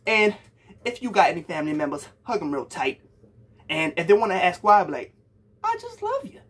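A man's voice: a little high, a little fast, fairly bright tone, breathy edge. A young man from Puerto Rico giving a hyped, slangy reaction to a song for his viewers, calling them bro. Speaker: music reaction youtuber. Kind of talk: casual music reaction talk.

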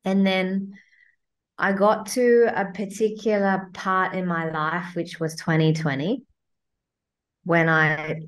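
A woman, a guest coach, talking bluntly and swearing freely as she acts out her inner voice in a casual chat. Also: lowish voice.

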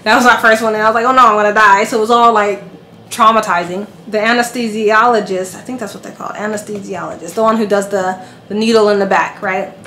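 Animated woman telling a story in an echoey room. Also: mid-range voice, quick pace. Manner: animated, acts out quoted voices. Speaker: vlogger. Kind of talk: casual storytelling. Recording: echoey room with faint noise.

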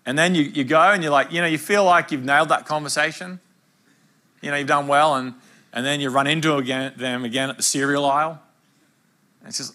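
An Australian pastor in his younger years preaches with a bright, forceful voice. He tells stories casually and with humour, then presses his point home. The voice sits a little high for a man. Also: quick pace. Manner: conversational, humorous storytelling preaching. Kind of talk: sermon.

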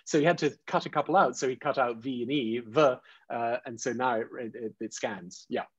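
A man's voice: mid-range voice, fairly quick, breathy edge, dry recording. Hesitant man on dull, dry audio. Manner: hesitant, many fillers and restarts. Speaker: educator webinar co-host. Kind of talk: professional development webinar presentation.

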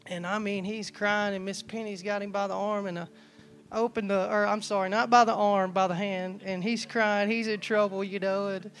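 A man's voice: high-pitched, flat delivery, moderate pace, fairly bright tone, soft background music. Folksy storytelling preacher man. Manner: folksy, storytelling, acts out quoted dialogue; casual, loose, frequent restarts and asides. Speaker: church staff preacher. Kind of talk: conversational sermon with personal stories.

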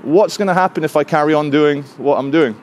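A street filmmaker with a fairly high voice talks fairly quickly, with a little background noise, out in a city plaza. He cheekily and animatedly argues with security staff about whether he can film, turning it into a confrontational exchange.

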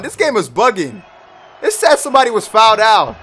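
A man giving excited live commentary over his own basketball video game, shouting at big plays. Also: high-pitched, fairly quick. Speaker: gaming YouTuber.

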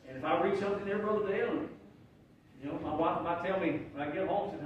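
A man's voice: sits high, fast, dull audio, a little hiss or hum. A man, preaching a heartfelt sermon as pastor, often restarting his sentences. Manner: earnest, emotional preaching with repeated restarts. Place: church sanctuary. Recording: very echoey room, mic at a distance.

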